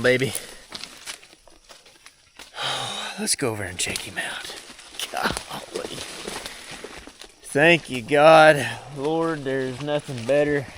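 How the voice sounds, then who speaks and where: A man talking slowly and emotionally to the camera outdoors in the woods while bowhunting. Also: medium pitch, a bit bright, slight background noise. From Arkansas. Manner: slow, emotional, drawling and thankful. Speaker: bowhunter filming his hunt. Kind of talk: outdoor hunting vlog talk to camera.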